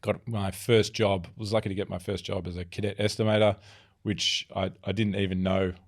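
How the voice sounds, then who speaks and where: A man from Melbourne with an Australian accent, chatting as a podcast guest in a relaxed, self-deprecating way. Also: low voice, moderate pace. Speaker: podcast guest, software founder. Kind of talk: casual interview chat.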